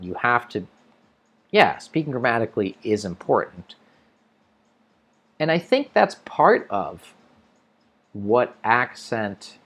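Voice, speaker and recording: An American man hosting an English-learning livestream, casually answering viewer comments and thinking aloud with restarts. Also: medium pitch. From United States.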